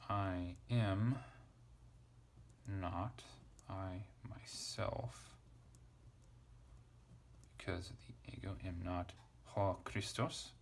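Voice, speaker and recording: A man with a very deep, gravelly voice talks through a lesson in a casual way. He thinks aloud and spells out letters one by one as he parses. A faint hiss runs under the recording. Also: slow pace. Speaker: Greek teacher.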